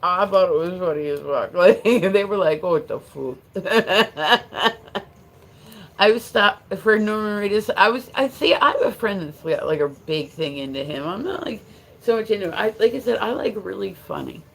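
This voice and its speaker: A woman's voice: mid-range voice, animated, normal speed, creaky, a bit bright, rough recording. An American woman hosting a livestream, chatting casually and rambling with many restarts and fillers. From United States. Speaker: livestream host. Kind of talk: casual chat.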